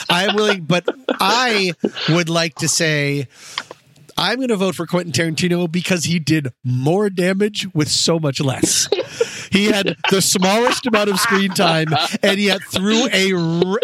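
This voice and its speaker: A man co-hosting a casual movie podcast, animated and sarcastic, building emphatic rants. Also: sits high. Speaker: podcast co-host.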